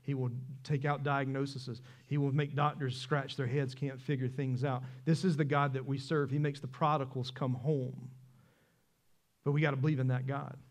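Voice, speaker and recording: A man, preaching a sermon in a church, animated and conversational, asking the congregation questions. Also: mid-range voice, normal speed. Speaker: pastor. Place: church sanctuary.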